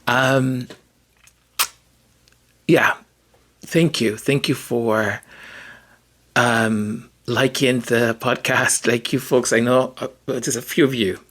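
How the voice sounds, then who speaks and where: A man's voice: medium pitch, fairly even intonation, slow, pauses often, fairly bright tone. A man hosting a podcast in a casual, rambling, hesitant monologue. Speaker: podcast host.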